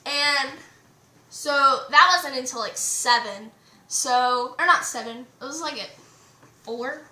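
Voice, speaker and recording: A teenage girl vlogging a rambling, excited story with lots of "like" and fillers. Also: sits high, slow. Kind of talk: casual storytime vlog. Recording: echoey room.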